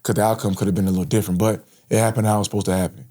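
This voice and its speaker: A man in his thirties from Florida tells the story of his past as an interview guest, his speech casual, slang-heavy and earnest. His voice is lowish and dark, level in tone, and he races along.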